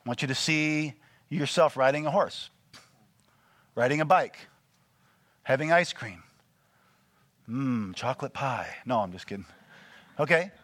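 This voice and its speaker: A man preaching a sermon, animated and full of call-and-response questions to the congregation. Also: a little high, moderate pace, long pauses, dry recording. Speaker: pastor.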